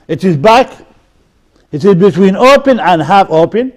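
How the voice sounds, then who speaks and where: A man lecturing at a university, deliberately drilling example words one by one. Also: high-pitched, animated. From Sudan.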